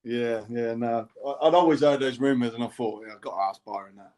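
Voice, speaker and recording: A man's voice: mid-range voice, brisk, a little mellow. A man co-hosting a podcast, chatting casually and winding up his guest with jokes. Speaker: podcast co-host. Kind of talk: casual chat.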